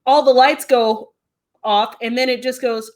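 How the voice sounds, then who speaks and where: A woman guest with a somewhat high voice tells a story in a loose, animated way. She piles on fillers and breaks into laughter as she goes. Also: a little slow. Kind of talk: casual storytelling.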